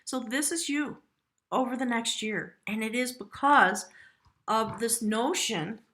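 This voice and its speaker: A woman's voice: on the high side, unhurried, a bit bright. Chatty woman reading tarot. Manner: chatty and earnest, rambling with restarts. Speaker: tarot reader. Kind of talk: casual tarot reading to camera.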